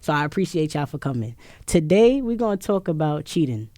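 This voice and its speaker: A woman's voice: low-pitched, very animated, a little fast, mellow, no room sound, clean studio sound. A woman hosting a casual podcast, talking loosely with profanity and laughs. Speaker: podcast host. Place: studio round table.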